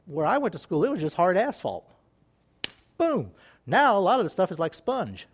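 A middle-aged man preaching an informal sermon in a folksy, animated way, often laughing and acting out voices. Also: high voice, normal speed, slight background noise.

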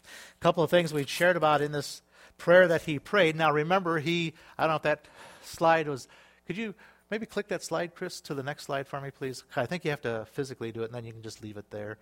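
A man preaching a sermon to his church, lively and conversational, bursting into exclaimed hallelujahs and acting out little quoted exchanges. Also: a little high, brisk. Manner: animated, with sudden exclaimed hallelujahs and acted-out quotes. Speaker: pastor.

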